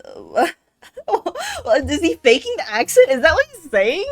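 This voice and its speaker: Young woman streamer, chatty and joking, slightly high voice, soft music behind. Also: wildly swooping pitch, a little slow. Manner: chatty, joking, slangy, laughs often. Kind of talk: casual let's-play commentary, reading a visual novel aloud.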